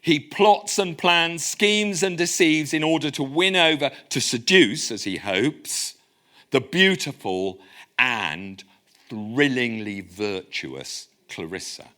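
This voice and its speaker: Lively man giving a lecture. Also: medium pitch, slow pace. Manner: lively, conversational lecturing with wry asides. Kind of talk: public lecture. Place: lecture room.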